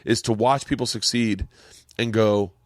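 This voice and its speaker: A man's voice: fairly low pitch, fairly even intonation, a little slow, no echo, studio quality. A man hosting a podcast, telling a story in a rambling way, repeating words and getting emotional. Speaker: podcast host. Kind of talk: casual chat. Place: home podcast studio.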